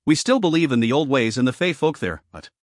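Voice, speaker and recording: A man's voice: mid-range voice, brisk, dry recording, close to an everyday voice. Male reader as a composed Welsh lady, direct and unflustered, Welsh accent, dry read. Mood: steady. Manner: steady, direct.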